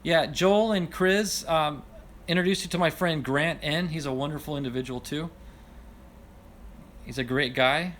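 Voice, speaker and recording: A man with a slightly higher voice hosts a relaxed livestream, chatting with viewers and reading their comments. He is apologetic and self-deprecating and often breaks into laughter, with faint background noise behind him. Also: unhurried, pauses often. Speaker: livestream host.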